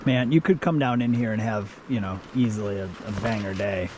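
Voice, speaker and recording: A man's voice: fairly low pitch, brisk, background noise. A man chatting casually with his fishing partner outdoors by a winter river, tired and joking. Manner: joking, tired, laughs often.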